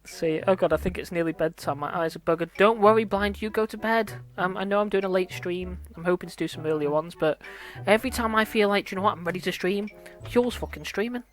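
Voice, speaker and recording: A woman's voice: mid-range voice, a little fast, hardly any pauses, faint music behind. A woman chatting casually on a livestream, self-mocking and laughing often. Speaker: streamer.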